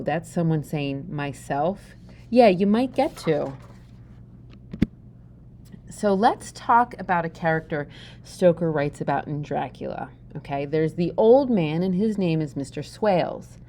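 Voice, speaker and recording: A woman's voice: on the low side, expressive, a little slow, mellow, a little hiss or hum. A woman with a Pennsylvania Dutch accent giving a chatty, joking lesson and often asking the listener questions. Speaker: teacher. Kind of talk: informal video lesson.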